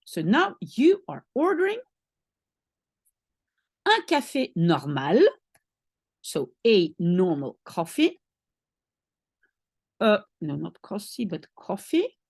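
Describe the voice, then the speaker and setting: A woman's voice: mid-range voice, sing-song, slow, gravelly, a little mellow, slightly rough, no echo. A woman from Belgium, a native Dutch speaker with a Belgian accent, patiently teaching beginner French and repeating phrases as she thinks aloud. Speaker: language teacher.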